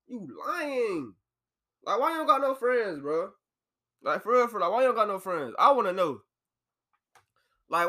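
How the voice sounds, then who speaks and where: Animated young man ranting on a podcast. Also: high-pitched. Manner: loose, animated slang-heavy rant. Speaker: podcast host. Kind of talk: casual podcast monologue. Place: apartment.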